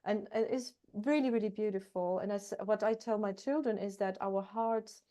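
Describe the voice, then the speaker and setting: A woman guest speaking earnestly and warmly about parenting, telling personal stories in a casual interview. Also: mid-range voice, moderate pace. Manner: earnest, heartfelt, repeats words for emphasis. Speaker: guest, coach and hypnotherapist. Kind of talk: casual interview talk, storytelling.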